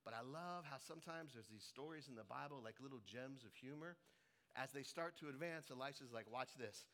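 This Colorado pastor, middle-aged, speaks a little fast in a mid-range voice. His sermon is lively storytelling, humorous and peppered with voices he acts out.

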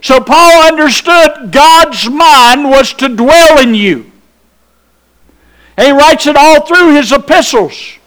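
A man delivers a sermon in a very high-pitched voice. He preaches slowly and emphatically, drawing out his phrases and putting rhetorical questions to his congregation. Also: fairly bright tone. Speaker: pastor.

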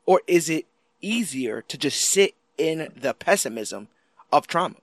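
A man co-hosting a casual chat about a TV series, animated and quick to act out lines from it. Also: fairly high pitch, no room sound. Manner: animated, acts out quotes in lively voices. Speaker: podcast co-host.

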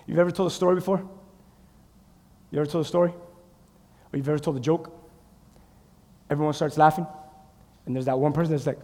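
A man preaching a fervent sermon, swinging from shouts to hushed asides. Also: on the high side, moderate pace, pauses often. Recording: long reverb in a large hall.

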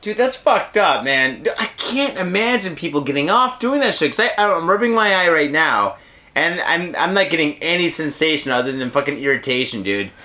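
A man's voice: a little high, very animated, bright, forceful tone. A man co-hosting a casual podcast, laid-back and swearing freely. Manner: laid-back, swears a lot, quick reactions. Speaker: podcast co-host. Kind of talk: casual crude podcast banter.

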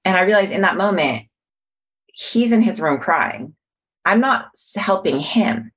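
A woman's voice: mid-range voice, very animated, unhurried, fairly bright tone, slightly rough. A middle-aged woman in casual conversation, explaining mindfulness and self-compassion in an earnest teaching manner.

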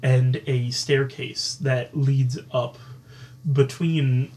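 A man's voice: medium pitch, flat delivery, drawn-out words, a little mellow. Man running a tabletop game as dungeon master.

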